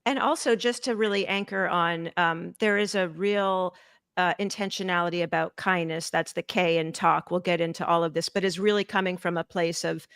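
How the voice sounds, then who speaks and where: A woman's voice: on the low side, steady tone, a bit bright, clear, resonant tone, no echo, clean studio sound. Chatty woman host from Boston. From Boston, USA. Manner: chatty, self-deprecating, quick asides. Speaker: podcast host and coach. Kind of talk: live interview conversation.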